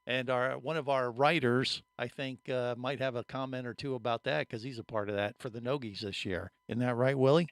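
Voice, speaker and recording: A man's voice: medium pitch, steady tone, brisk, hardly any pauses, no echo, studio quality. A man hosting a live podcast in a jovial, chatty way, introducing guests and plugging events. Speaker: podcast host.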